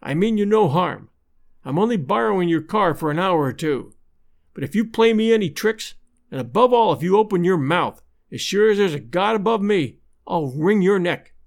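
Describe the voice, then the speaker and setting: A man voicing a bold adult male adventurer in disguise who speaks slow, mocking threats. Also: high-pitched, expressive, gravelly.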